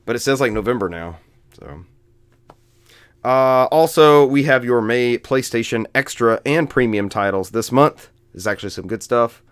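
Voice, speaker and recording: A man's voice: mid-range voice, animated, moderate pace, smooth, no echo, clean studio sound. A man hosting a casual video game podcast, rambling and joking with frequent laughs. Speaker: podcast host.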